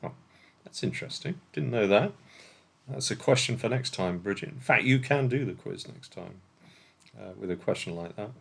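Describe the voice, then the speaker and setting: Low-voiced English quizmaster joking. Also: male voice, animated, normal speed, gravelly, breathy edge. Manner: playful, joking banter with players. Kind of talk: hosting an online quiz. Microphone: video call.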